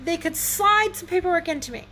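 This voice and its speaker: High, bright-voiced chatty woman. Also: animated, fairly quick. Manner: chatty, rambling, laughs at herself. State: a little wheezy. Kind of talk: casual storytelling vlog. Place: indoors at home with a fan running. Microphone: phone. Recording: faint fan hum behind.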